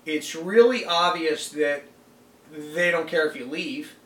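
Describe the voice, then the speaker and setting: Male online seller, high voice, exasperated rant, echoey room. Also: takes it slowly, fairly bright tone. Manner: exasperated, indignant, emphatic. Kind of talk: ranting vlog to camera. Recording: roomy echo, mic set back.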